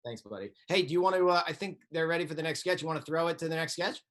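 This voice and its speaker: A man's voice: fairly high pitch, rapid-fire, a bit bright. A man hosting a livestream over a video call, chatting in a friendly, easygoing way. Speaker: livestream host. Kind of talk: casual chat.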